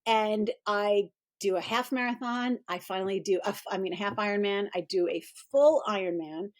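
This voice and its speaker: A middle-aged woman, a performance coach, telling her story in a casual interview with animated energy and quoted voices. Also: moderate pace. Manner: animated, acts out quoted voices in a high pitch.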